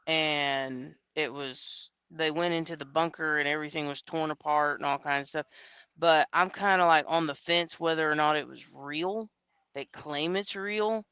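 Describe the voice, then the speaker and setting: A host chatting casually about a story, hedging and unsure, with a quick laugh now and then. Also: female voice, sits low, fairly bright tone, clean tone, no room sound. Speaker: show host. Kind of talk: casual chat.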